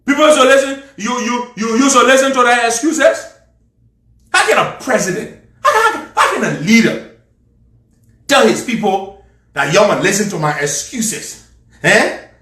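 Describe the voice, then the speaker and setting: Angry Liberian man, high bright voice. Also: very animated, moderate pace, pauses often, roomy sound. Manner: angry, insulting, mocking. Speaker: political commentator. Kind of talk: ranting live commentary.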